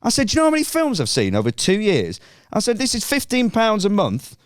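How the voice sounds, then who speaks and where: Telling a funny story as a podcast guest, this Northern English man gets animated, indignant, and sweary, voicing both people in the exchange. His voice is high, clear, and resonant, he talks fast, and the recording is dry, clean studio sound.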